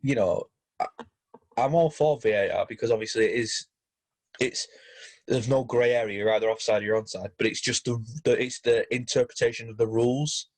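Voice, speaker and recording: A man co-hosting a casual football podcast, talking in halting bursts with many restarts. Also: medium pitch, darkish tone. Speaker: podcast co-host.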